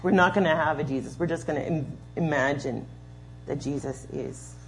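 A woman's voice: sits low, normal speed, soft background music. A woman leading a children's sermon in a church, patiently explaining and giving step-by-step instructions. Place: church sanctuary.

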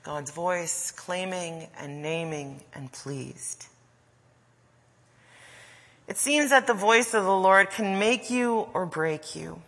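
A woman preaching a sermon, slow and deliberate, with soft trailing endings. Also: fairly low pitch, long reverb tail.

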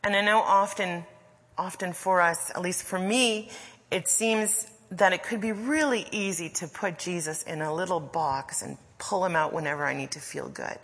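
A woman preaching a sermon, slow and deliberate, with soft trailing endings. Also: lowish voice, breathy edge, in a large hall.

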